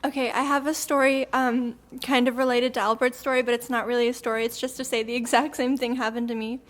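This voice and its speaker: A woman's voice: on the high side, flat delivery, fast. A teenage girl on a youth radio team telling a spooky story in a chatty way, often laughing and using fillers. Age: teens. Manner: chatty, giggly, many fillers. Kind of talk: casual storytelling.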